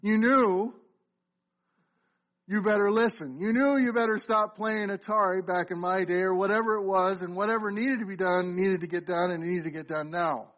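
A man's voice: high voice, steady tone, normal speed, muffled recording. A middle-aged man preaching a sermon as pastor of a church, talking conversationally and putting questions to the congregation. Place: church sanctuary.

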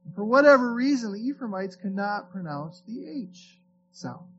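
A man with a fairly high voice preaches a sermon in a loose, conversational manner. He reads scripture aloud and often stumbles into repeated words as he restarts. The recording is slightly dull and lo-fi, with a faint hum underneath. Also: animated, normal speed. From Florida. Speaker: pastor.

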